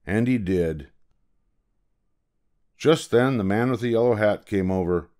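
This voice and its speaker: An older man narrating a children's picture book aloud in a gentle, expressive storytelling manner. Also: on the low side, unhurried.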